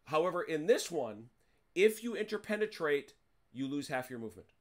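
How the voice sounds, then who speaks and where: A man with a higher voice and big pitch swings speaks at a moderate pace while hosting a tabletop wargame. He explains the rules casually to his players, repeatedly correcting himself mid-sentence and making wry jokes.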